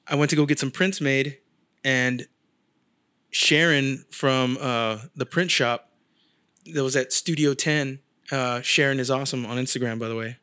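A man's voice: medium pitch, a bit bright. A man in casual chat, telling a long story and acting out the people he quotes, swearing freely. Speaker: guest artist.

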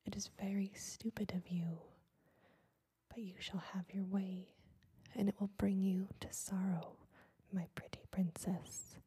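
A woman's voice: medium pitch, flat delivery, a little slow, dark tone, breathy edge. A woman voicing a cruel, scheming sea witch in a whispered role-play, cold and mocking. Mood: mocking menace.

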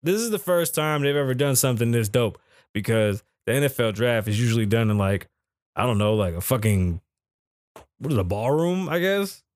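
A man hosting a podcast, talking loosely and cracking crude jokes, his pitch sitting in an ordinary middle range but leaping up and down when he gets excited. The sound is close and dry, with no room around it. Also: no room sound. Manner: loose, profane and joking, with sudden pitch jumps. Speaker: podcast host. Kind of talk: casual podcast chat.

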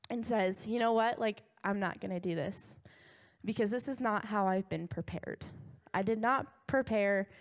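A young woman preaching to a congregation, retelling a story in a casual, animated way full of asides and quick laughs. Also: on the high side, clean tone.

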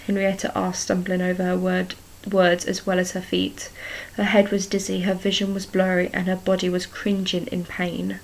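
Woman narrator, story chapter read aloud; flat delivery, gravelly tone. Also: fairly low pitch, moderate pace, low-quality recording. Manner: even, steady reading with small restarts.

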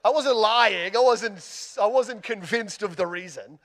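In an unhurried way, an Australian-accented man whose voice sits high shares a funny story as part of a sermon. His delivery is animated and self-mocking, with big changes in volume.

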